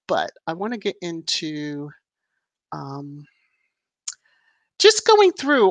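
A woman's voice: on the low side, dry recording. A woman hosting a casual live stream, greeting viewers one by one by name and lifting her voice on each greeting. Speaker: livestream host. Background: soft background music.

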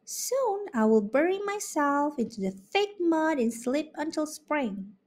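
A woman's voice: high voice, sing-song, a little slow, a little mellow, voice pushed up. A woman voicing a painted turtle, matter-of-fact and drowsy, in a storybook reading. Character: calm old painted turtle, sleepy.

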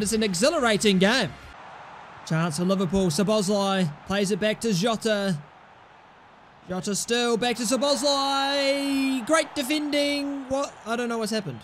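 A young man commentating his own football video game, cheering loudly at goals and swearing at his players. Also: very high voice, slight background noise. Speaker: gaming YouTuber. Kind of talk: excited gameplay commentary.

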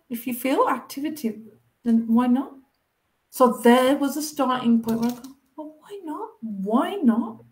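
A woman telling her recovery story in a casual interview, acting out past conversations with lively changes of voice, heard over a video call. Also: sits high. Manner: animated, acts out past conversations.

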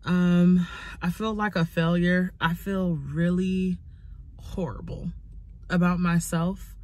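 A woman in her twenties, tearful from crying, talking haltingly and candidly into her phone in a confessional vlog. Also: lowish voice, steady tone, darkish tone. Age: 20s. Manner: halting, raw and candid, many pauses. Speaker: YouTuber.

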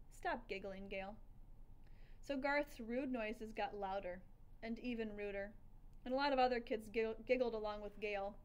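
A woman narrating a children's storybook aloud in the first person, with lively, expressive storytelling. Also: on the high side. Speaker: audiobook reader.

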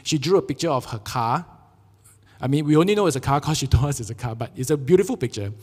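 A man preaching a sermon with a Singaporean English accent, telling jokey, animated stories and acting out quotes. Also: medium pitch, fast, slightly rough, big-room sound. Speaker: pastor. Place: church sanctuary.

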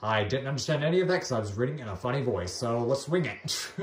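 A man's voice: medium pitch, sing-song, a little fast, roomy sound, slight background noise. A man giving casual gameplay commentary, giggling and making fun of his own skills. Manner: giggly, self-deprecating chatter. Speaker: let's play host.

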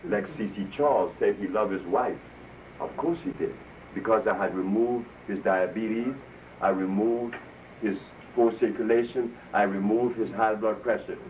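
Recorded from a distance with faint noise, a man's low, darkish voice moves at a moderate pace through an informal health talk to a live audience. Casual and story-driven, he chuckles at his own humor and does voices for those he quotes.

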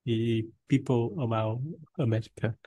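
A man's voice: medium pitch, flat delivery, moderate pace, dark tone, no room sound. A man from Vietnam with a Vietnamese accent, a student speaking hesitantly and repeating words in an online English lesson.

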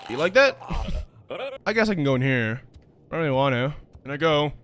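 A man's voice: fairly high pitch, expressive, a little fast, fairly bright tone, slight background noise. A young man hosting a let's-play, joking, swearing and laughing as he reacts. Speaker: gaming video host.

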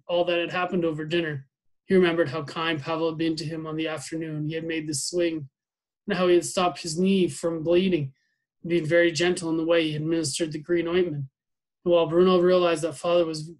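A man teacher reading a novel aloud to his class, steady with small slips and restarts. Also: fairly high pitch, poor audio.

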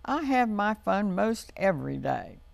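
A playful, boastful male March wind from a children's storybook, chanting his rhymes in a lilting sing-song, as a woman storyteller puts him on. The voice is low and a little gravelly, and it climbs and falls widely. The delivery is slow and unhurried. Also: very animated, dry recording, exaggerated voice.

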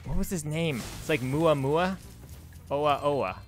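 A man giving casual, rambling commentary while playing a video game, chatty and quick to laugh. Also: fairly high pitch, faint music behind. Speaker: let's play host.

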